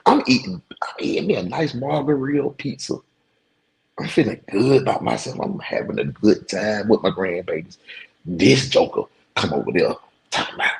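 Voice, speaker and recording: Host, 40s, male; gravelly, husky low voice, lively storyteller addressing viewers. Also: fairly quick, rough recording. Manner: animated, slangy, talks straight to his audience.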